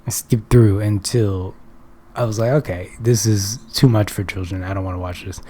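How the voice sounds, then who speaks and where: A man's voice: fairly low pitch, steady tone, moderate pace, dark tone. A young man talking to camera in a casual, rambling monologue, offhand and jokey, often trailing off and restarting, with some swearing. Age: young adult. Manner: profane. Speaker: vlogger.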